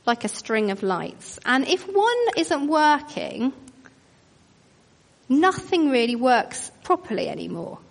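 A woman's voice: high voice, creaky. A woman preaching a sermon, earnest and questioning, telling it like a story. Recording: long reverb of a large hall.

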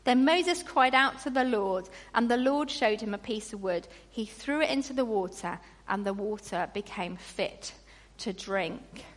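A woman preaching a sermon in an animated way, acting out grumbling voices. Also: medium pitch, unhurried. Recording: long reverb in a large hall.

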